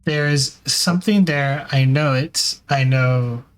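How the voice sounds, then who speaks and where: A man's voice: medium pitch, slow, close to an everyday voice. A man voicing a persistent female news reporter in a tabletop role-play, asking pointed questions. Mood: insistent. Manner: pushy, determined questioning.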